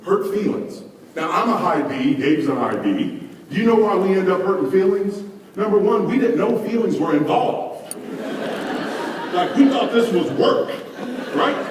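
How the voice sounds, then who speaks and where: A man giving a motivational seminar talk to a live audience, animated and preachy, speaking to the crowd directly. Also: sits high, background noise. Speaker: leadership conference speaker. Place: large hall with audience. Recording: echoey hall recording from far off.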